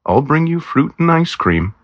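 A man voicing a stubborn young cop who reassures his partner in a calm, teasing way. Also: fairly high pitch, normal speed, no room sound, dull audio, voice pushed up.

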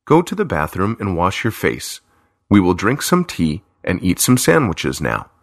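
A man's voice: low voice, wildly swooping pitch, unhurried, gravelly, no echo, clean studio sound, heavily acted. A man voicing a young older brother in a storybook, plain and mildly puzzled.

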